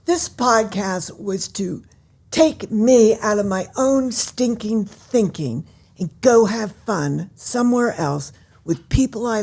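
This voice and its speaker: An older woman, an author, chatting as a guest in an interview and telling her stories in an animated, theatrical way. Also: mid-range voice, vocal fry, husky. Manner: animated storyteller who acts out scenes. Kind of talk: casual interview chat.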